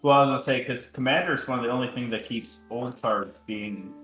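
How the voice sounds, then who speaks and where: Man on a voice call, casual chat, curious questions, medium pitch, faint music. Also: fast talker, a bit bright, poor audio.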